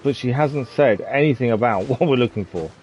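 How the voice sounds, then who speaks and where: A man's voice: mid-range voice, animated, a little fast, darkish tone, soft background music. Casual, laid-back male streamer talking over gameplay; dull, lo-fi sound. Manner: chatty, self-deprecating, laughs often. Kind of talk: casual live-stream commentary.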